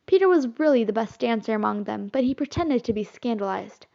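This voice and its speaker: A woman narrating a children's classic as an audiobook, in expressive storytelling. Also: on the high side, brisk, gravelly. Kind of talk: audiobook reading. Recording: slightly muffled recording.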